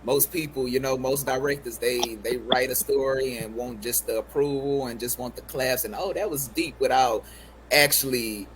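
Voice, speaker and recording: A man's voice: mid-range voice, steady tone, moderate pace, crowd noise, poor audio. A male host, affirming and preacherly, often saying "you know.". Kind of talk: casual interview chat.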